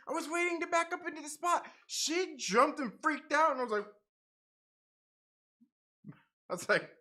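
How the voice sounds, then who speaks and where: On his easygoing livestream, a young man reads through the chat, laughs often, and swings from loud outbursts to quiet asides.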